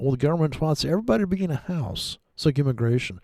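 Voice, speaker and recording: A man's voice: fairly high pitch, animated, fast, hardly any pauses, warm tone, no room sound, clean studio sound. A man giving rambling, sarcastic, profane commentary while trading live. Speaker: day trader streaming live.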